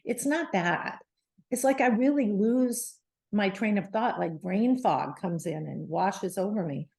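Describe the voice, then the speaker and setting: Middle-aged lady guest, animated storyteller, lots of restarts, bouncy delivery. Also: mid-range voice, unhurried, gravelly. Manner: animated, lively retelling with restarts. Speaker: guest, menopause advocate. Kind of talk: casual storytelling interview.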